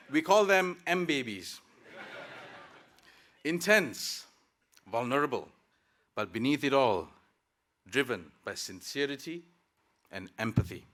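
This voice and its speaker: Bright-voiced man giving a graduation speech. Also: mid-range voice. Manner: reflective, lightly humorous address. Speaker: graduating student speaker. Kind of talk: convocation speech. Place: ceremony hall.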